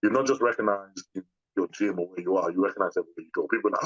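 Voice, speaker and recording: A man's voice: low voice, rapid-fire, slightly rough, no echo, muffled recording. A man being interviewed as a guest, speaking casually and telling stories with many restarts. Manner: animated storytelling, many restarts. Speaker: bodybuilder guest.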